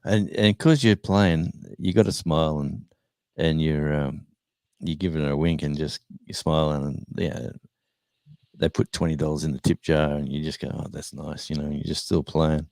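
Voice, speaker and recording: A man's voice: rumbling low, fairly even intonation, moderate pace, gravelly, darkish tone, dry recording. An older man hosting a live chat, telling rambling road stories with many restarts. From Australia. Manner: rambling anecdotes with restarts and laughter. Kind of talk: casual storytelling chat.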